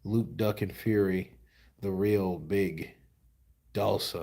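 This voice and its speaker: A man's voice: on the low side, fairly even intonation, slow pace, mellow. A tired man hosting boxing commentary, reading viewer comments in a loose, slangy, laid-back way. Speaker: host of a boxing news channel.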